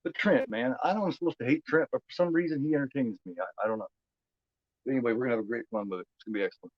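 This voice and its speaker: A man's voice: medium pitch, racing, no room sound, highs cut off. A man from Indiana with a Midwestern American accent, hosting a movie watch-along stream in loose casual chat, rambling and repeating his words. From United States.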